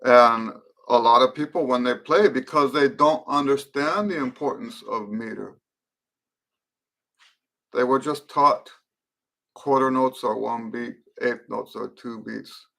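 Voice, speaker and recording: A middle-aged man coaches trumpet players in a live-stream Q and A, reflecting as he goes, unhurried, with fillers and restarts. His mid-range voice has vocal fry and a slightly bright quality.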